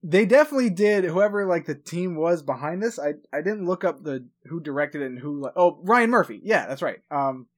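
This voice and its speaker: A man from Long Island chatting casually on a podcast. His voice sits slightly high and he swears freely. He stumbles and restarts as his thoughts pile up. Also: lively intonation, brisk, few pauses. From New York, Long Island. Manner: rambling, stuttering, swears a lot. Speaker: podcast co-host. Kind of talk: casual chat.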